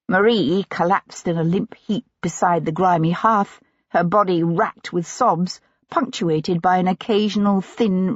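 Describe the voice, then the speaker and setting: A woman reading an audiobook in steady, even-toned scripted narration. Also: lowish voice, dry recording. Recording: dull dry lo-fi recording.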